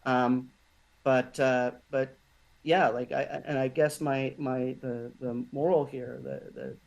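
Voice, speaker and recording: A man talking on a podcast at a mid pitch, telling a personal story in an unpolished way. He stops and restarts often and fills gaps with fillers. His tone is plain and conversational. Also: little pitch movement, vocal fry, a little mellow, rough recording. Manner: halting, many restarts and fillers. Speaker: podcast guest.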